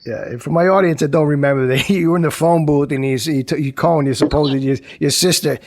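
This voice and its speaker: A male interview host asks his guest questions in a halting way, often starting over midway. His voice is gravelly with a lot of fry. It sits a bit higher than most men's. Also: steady tone. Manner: halting, restarts questions, laughs along. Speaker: podcast host. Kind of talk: interview questions, casual chat.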